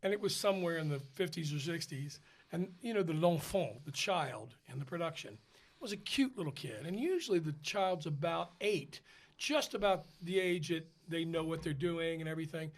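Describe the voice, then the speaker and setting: Man, opera singer, high voice, gravelly edge, animated storyteller. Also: moderate pace. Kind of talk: casual storytelling chat.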